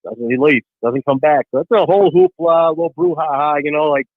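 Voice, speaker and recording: Caller telling a story over a tinny phone line. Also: male voice, fairly high pitch, a little fast, vocal fry, no echo. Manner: animated storyteller acting out voices.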